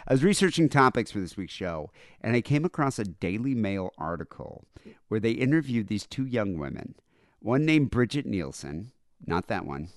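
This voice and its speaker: A man's voice: lowish voice, very animated, normal speed, no room sound, clean studio sound. A man co-hosting a comedy podcast from home, chatting casually in a rambling, irreverent way with lots of fillers. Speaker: podcast co-host.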